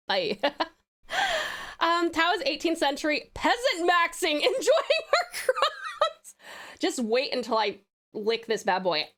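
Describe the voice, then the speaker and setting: A woman's voice: sits high, very animated, measured pace, fairly bright tone. A young Australian woman streaming live, chatting with viewers in a bubbly, giggly way while she snacks. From Tasmania, Australia. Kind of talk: casual live stream chat.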